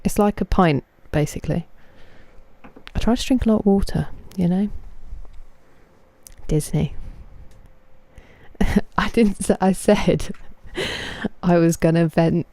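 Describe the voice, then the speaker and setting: A woman's voice: lowish voice, takes it slowly, pauses often, mellow. An English woman in her thirties streaming a game, chatting in a rambling, self-mocking way. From England. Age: 30s. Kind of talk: casual chat.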